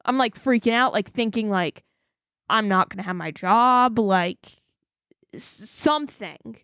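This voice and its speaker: A woman's voice: medium pitch, measured pace, clean tone, dry recording, studio quality. A woman in her twenties co-hosting a podcast, retelling a story in casual chat, acting out quotes and saying "like" a lot. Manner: animated retelling, acts out quotes, many "like"s. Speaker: podcast co-host.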